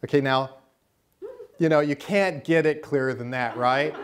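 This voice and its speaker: A middle-aged American man teaching a class through a long personal anecdote. His voice sits at an ordinary pitch for a man. He tells the story in a lively way and acts out the voices of the people in it. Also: moderate pace, a little hiss or hum. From United States. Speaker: course teacher.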